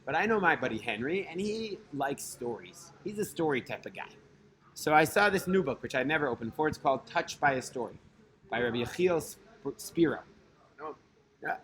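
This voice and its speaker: A man's voice: a little high, expressive, normal speed, fairly bright tone. A man telling a personal religious story in a loose, conversational way, full of fillers and restarts and sprinkled with Hebrew terms. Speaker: storyteller host. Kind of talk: casual spoken storytelling.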